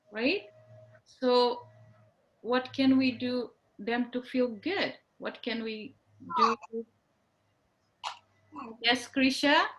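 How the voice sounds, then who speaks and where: A woman's voice: high voice, fairly bright tone, a little hiss or hum, poor audio. A woman teaching young children in an online class over a video call, encouraging them with simple words and frequent tag questions.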